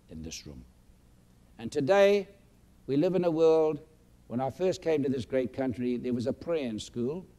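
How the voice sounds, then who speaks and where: An older man in his late seventies speaks to an audience in a large room. He is boastful and emphatic, with a sentimental streak. His voice sits at an ordinary middle pitch for a man. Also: warm tone. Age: 70s. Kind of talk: motivational speech.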